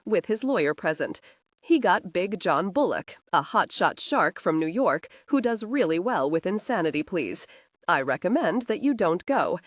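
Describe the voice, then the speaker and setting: A woman reading a calm, firm FBI chief. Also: fairly low pitch, dry recording, studio quality.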